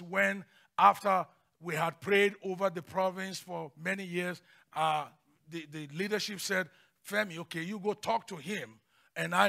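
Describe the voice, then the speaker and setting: A male pastor preaches with passion, dropping to near-whispers before bursting into shouts. His voice sits high and sounds gravelly. The tone is very bright and cutting. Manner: passionate, swings from hushed to shouting. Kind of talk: sermon.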